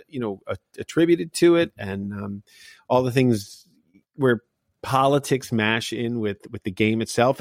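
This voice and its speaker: A middle-aged man chats as a sports podcast host, winding through stories with plenty of ums and restarts. His voice sits at an ordinary pitch. The recording is close and dry. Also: no echo. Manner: rambling storyteller, many fillers. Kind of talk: casual chat.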